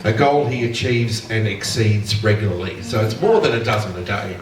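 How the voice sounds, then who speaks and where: A man's voice: on the low side, lively intonation, moderate pace. Chatty male MC in a noisy echoey hall. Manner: chatty, ad-libs between lines of the introduction. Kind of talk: introducing performers. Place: festival stage. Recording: distant mic in an echoey hall, loud noise.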